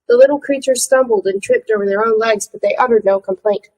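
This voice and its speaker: A woman reading a novel aloud in a steady storytelling manner. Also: a little high, fairly quick, low-quality recording. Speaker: audiobook reader.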